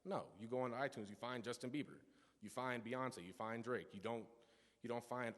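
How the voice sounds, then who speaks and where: A man's voice: medium pitch, brisk. A young man in his teens gives an earnest personal testimony in a church service, telling stories with frequent restarts and asides. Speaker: youth speaker giving a testimony. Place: church sanctuary. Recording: long church reverb.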